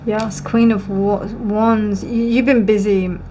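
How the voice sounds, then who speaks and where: Woman doing a chatty tarot reading, thinks out loud, lots of ums, soothing and upbeat, yawns here and there. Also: mid-range voice, flat delivery, slow, slight background noise. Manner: musing, reassuring, thinks aloud with many fillers; yawns often during readings. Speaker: tarot reader. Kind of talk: casual tarot reading to camera.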